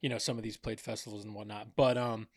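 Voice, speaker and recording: A man's voice: on the low side, little pitch movement, fast, a little mellow, no echo, studio quality. A man hosting a podcast in casual chat, rambling with lots of fillers and restarts. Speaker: podcast host.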